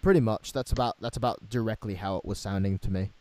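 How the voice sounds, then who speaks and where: A man's voice: fairly low pitch, fairly even intonation, fast, a little mellow, a little hiss or hum. A young man hosting a casual talk show, rambling and joking with lots of fillers and restarts. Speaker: show host. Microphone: new home microphone.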